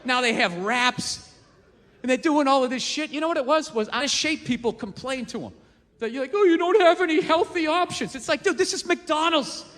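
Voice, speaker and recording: An extremely high-pitched, pushed, bright voice belongs to a male stand-up comedian in his forties, delivering a profane, incredulous rant at a moderate pace. He performs live on a large theater stage, and the recording has long reverb plus crowd and noise.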